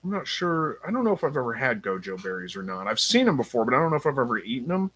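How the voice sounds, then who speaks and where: A man hosting a casual live stream, reading viewer comments aloud and thinking out loud with frequent ums. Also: medium pitch, very animated, quick pace, creaky, husky. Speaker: livestream host reading chat.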